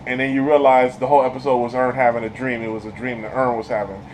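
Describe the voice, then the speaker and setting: A man's voice: mid-range voice, fast talker, slight background noise, low-quality recording. A man giving a casual spoiler review of a TV episode, retelling scenes in colloquial slang and laughing often. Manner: animated retelling, laughs often, slips into character voices; colloquial, laid-back slang.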